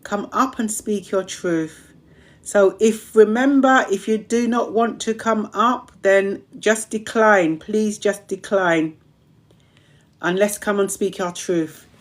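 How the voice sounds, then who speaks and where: A woman's voice: medium pitch, takes it slowly. Emphatic woman hosting an affirmation stream. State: strained voice. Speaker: community host of a live stream. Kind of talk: motivational live-stream talk.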